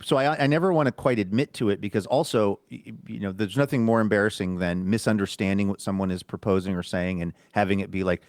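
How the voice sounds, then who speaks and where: A man co-hosting a podcast, telling stories in a casual chat and acting out quoted lines in an animated way. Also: on the low side, fast talker, hardly any pauses, no room sound, clean studio sound. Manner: animated storytelling, acts out quotes. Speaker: podcast co-host.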